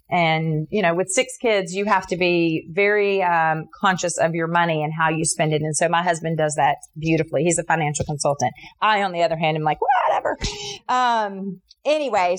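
In an interview, a middle-aged woman earnestly and animatedly tells a personal story, full of fillers and restarts. She acts out other people's voices when quoting them, jumping high for her own reactions.

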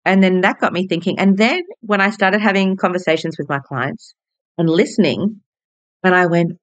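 An Australian hairdresser in her forties hosts her own podcast, sharing personal stories in a bubbly, candid monologue with casual swearing. Her voice is lowish and her speed normal, and the audio is dull with no echo.

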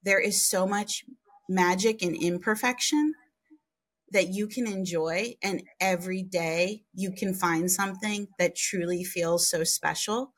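Frank, animated woman telling stories. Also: unhurried. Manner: animated, frank, swings pitch high for emphasis; mild swearing, chatty. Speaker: podcast guest. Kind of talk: candid conversational storytelling.

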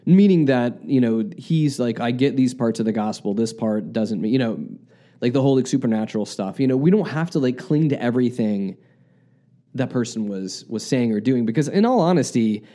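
A man's voice: mid-range voice, lively intonation, moderate pace, mellow. A man from the United States co-hosting a podcast, earnestly reflecting in casual talk and often restarting his sentences. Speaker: podcast co-host.

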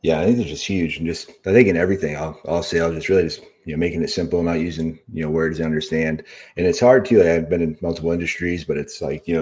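Man, podcast host, very deep voice, quick talker, casual, filler-heavy. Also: darkish tone. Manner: loose, filler-heavy, reads out live comments. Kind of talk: casual interview talk.

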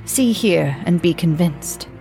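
A woman's voice: fairly low pitch, expressive, takes it slowly, dark tone, faint music behind. A woman voicing a terrified dying man who groans and drops into whispers, in a spoken ghost story. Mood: urgent. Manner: frantic, groaning, breaks into whispers.

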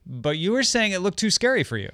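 A man's voice: high-pitched, very animated, quick pace, bright, forceful tone, no echo. A man co-hosting a podcast, chatting casually with a dry, joking, rambling manner. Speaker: podcast co-host. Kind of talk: casual chat.

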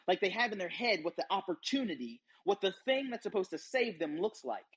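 A man giving an emphatic motivational talk, storytelling to make a point, with a husky voice. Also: sits high, big pitch swings, brisk, hardly any pauses, a bit bright. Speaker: motivational speaker. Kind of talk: motivational preaching.

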